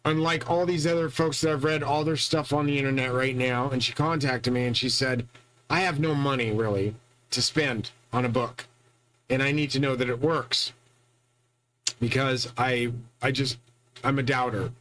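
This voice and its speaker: A man's voice: mid-range voice, steady tone, moderate pace, a bit bright, poor audio. A man hosting his own channel, talking in a boastful, profane, rambling solo monologue full of restarts. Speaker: channel host.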